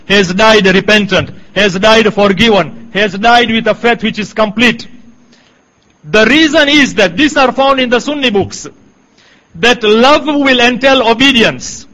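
A middle-aged man preaching a sermon in a measured, emphatic way, quoting Arabic passages. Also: extremely high pitch, sharp tone, rough recording.

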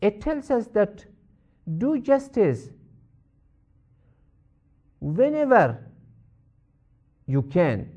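A man teaching a lecture that explains a Quran verse, in a measured way that repeats each point for emphasis. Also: very high voice, sing-song, warm tone. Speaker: religious teacher.

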